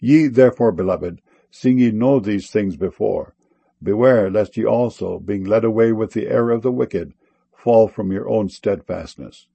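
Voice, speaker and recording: A man reading old-style Bible text aloud, in measured, solemn phrasing broken by short pauses. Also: fairly low pitch, creaky, warm tone, slightly rough, no echo. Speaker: scripture reader.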